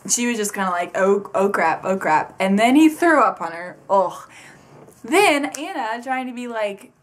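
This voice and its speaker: A young woman reviewing a book in a casual vlog, gushing and rambling excitedly with lots of fillers. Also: mid-range voice.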